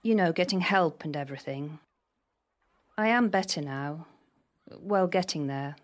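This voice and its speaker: A woman voicing a quiet, ashamed cousin. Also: sits low. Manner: quiet, halting confession.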